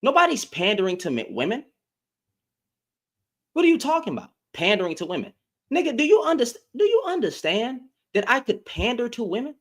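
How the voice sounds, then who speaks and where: A heated man ranting to camera in a high voice that jumps around a lot. He fires off emphatic rhetorical questions in a casual, confrontational rant. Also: huge pitch swings, a little fast. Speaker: online commentator.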